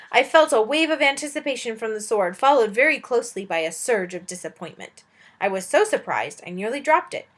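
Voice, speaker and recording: Teacher lady reading a kids' novel out loud, lively ups and downs, chatty little asides. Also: fairly high pitch. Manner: expressive, with chatty asides to listeners. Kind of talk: reading a children's novel aloud.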